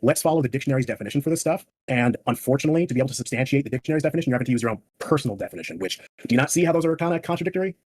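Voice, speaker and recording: Husky guy arguing quick, pointed rebuttals. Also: mid-range voice, expressive, a little mellow, dry recording. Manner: pointed, challenging. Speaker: debate participant. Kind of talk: heated online debate.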